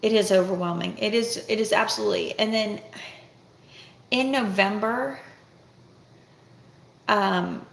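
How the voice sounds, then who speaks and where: A woman's voice: medium pitch, unhurried, vocal fry, long pauses, a bit bright. A middle-aged woman vlogging about family life in a candid, rambling, self-reflective way. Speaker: vlogger, homeschooling mother. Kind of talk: casual talk to camera. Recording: echoey room with faint noise.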